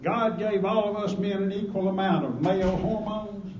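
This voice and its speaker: A man's voice: sits high, steady tone, moderate pace, a little mellow, slight background noise. A man with a Southern US accent giving a humorous after-dinner speech, telling folksy stories and jokes. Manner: folksy, joking storyteller. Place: banquet hall at a gala dinner. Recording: roomy, distant, muffled hall recording with crowd.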